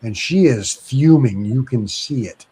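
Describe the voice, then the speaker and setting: A man tells a story in a relaxed, easygoing way and slips into the people's voices when he quotes them. His voice is mellow and dark. It sounds like casual podcast talk. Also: medium pitch, measured pace, breathy edge. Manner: animated anecdote telling with acted quotes.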